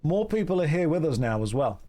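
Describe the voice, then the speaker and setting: A man streams a game and chats casually with his viewers, full of jokes. His voice sits a touch high, and his tone stays loose and playful as he reads comments aloud. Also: big pitch swings, brisk, dark tone. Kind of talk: casual live-stream chat.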